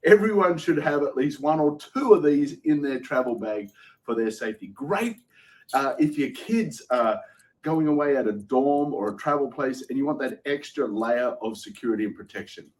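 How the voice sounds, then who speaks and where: A man's voice: medium pitch, lively intonation, moderate pace, rough recording. A man hosting a live shopping show, walking through each product's features step by step. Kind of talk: product demonstration.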